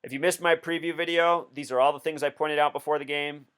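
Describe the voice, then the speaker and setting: Guy with a smooth resonant voice explaining stuff insistently, bit higher pitched. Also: steady tone, fast, a bit bright. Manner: insistent, explanatory, counting through numbers. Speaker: video host. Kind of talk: casual commentary.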